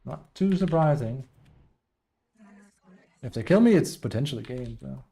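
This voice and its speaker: A man streaming a team game talks unhurriedly in an expressive, mid-range voice with vocal fry and a dark tone. Frustrated, he frequently gripes about a teammate, occasionally trailing off under his breath.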